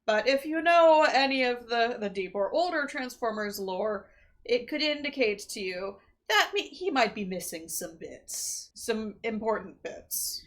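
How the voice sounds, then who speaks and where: A woman's voice: fairly high pitch, expressive, unhurried. A woman co-hosting a podcast, recapping a movie in casual chat with dry, wry asides. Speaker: podcast co-host.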